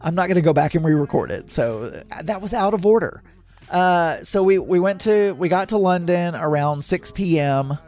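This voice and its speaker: A man's voice: high voice, animated, moderate pace, a little mellow, soft background music. A middle-aged man hosting a podcast, telling a story in a loose, rambling way that is full of fillers and self-corrections. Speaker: podcast host. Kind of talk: casual solo travel storytelling.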